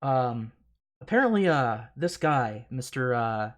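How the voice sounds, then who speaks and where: A man's voice: mid-range voice, measured pace. A man hosting a casual livestream, talking profanely and rambling, often laughing and tripping over restarts. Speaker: livestream host.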